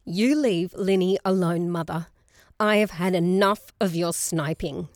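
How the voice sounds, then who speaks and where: A woman reading a storybook voices a loving, sunny-natured young mother who talks gently. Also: mid-range voice, expressive, moderate pace, dry recording, studio quality, lightly acted. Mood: shaky anger. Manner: gentle, soothing.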